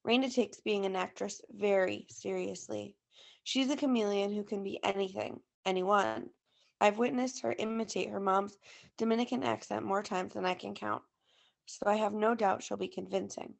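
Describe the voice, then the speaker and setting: A woman teacher reading a first-person novel aloud to a class in a steady storytelling way. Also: mid-range voice, normal speed, vocal fry.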